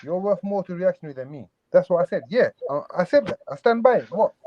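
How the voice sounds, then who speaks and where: A man's voice: sits high, animated, fast talker, dull audio, slight background noise. A man calling into an online panel, combative and full of slang. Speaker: caller. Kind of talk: heated online argument.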